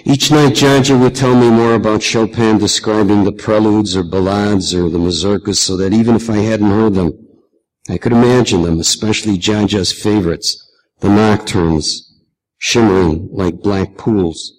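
A man reading literary fiction aloud in a measured, reflective way. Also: lowish voice, fairly even intonation, a little mellow, in a large hall, rough recording. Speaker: reader.

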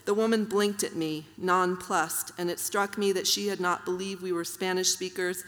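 Woman reading aloud in a reverberant hall. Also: fairly low pitch. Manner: measured, even reading with soft fillers between passages. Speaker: author reading her work.

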